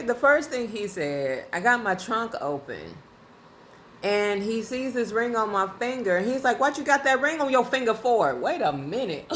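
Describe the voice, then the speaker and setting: A woman vlogger telling a casual story in a lively, colloquial way, often breaking into laughter. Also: mid-range voice, slight background noise. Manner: animated, laughing, colloquial and conversational.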